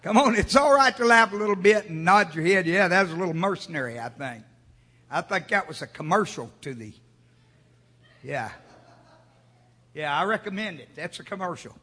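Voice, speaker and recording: A man preaching a sermon, calling on the congregation to answer him and rising to shouts. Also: high voice, lively intonation, moderate pace, pauses often, long reverb tail. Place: church sanctuary.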